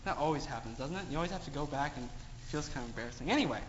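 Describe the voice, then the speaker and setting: This man's voice is fairly high and he races along as he tells children a moral story in a sermon, asking them question after question. His storytelling is animated. The recording has hall echo, a dull tone, and faint noise.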